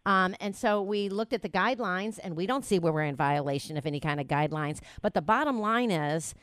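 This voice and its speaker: A woman's voice: fairly low pitch, animated, fairly quick, hardly any pauses, a bit bright, no room sound. A woman hosting a radio talk show, chatty and rambling, with many fillers.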